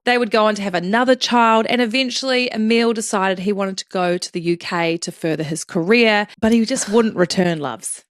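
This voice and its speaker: A woman's voice: medium pitch, normal speed, hardly any pauses, no room sound, studio quality. A woman hosting a true crime podcast, telling the story in a chatty, joking way with some swearing. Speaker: podcast host.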